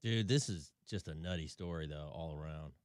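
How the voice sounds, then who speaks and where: A male talk show host chatting casually and setting up a listener's story, reacting in disbelief with quick questions. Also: a bass voice, smooth, dry recording. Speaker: radio host.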